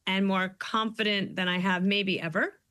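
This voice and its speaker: A woman guest author chats in a casual interview with a bright, clear tone. She tells stories in an animated way and slips into playful quoted voices. Her voice sounds close and dry. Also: medium pitch, moderate pace, no echo.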